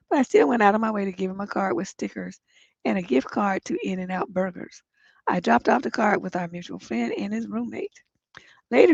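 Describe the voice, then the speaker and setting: A middle-aged woman hosts a relationship advice stream, her voice congested and deeply gravelly with fry. She reads viewer letters and answers them bluntly, swearing freely. The stream audio is dry and dull. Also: darkish tone, no room sound. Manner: blunt, profane, gets emphatic when giving advice. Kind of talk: livestream advice chat, reading viewer letters.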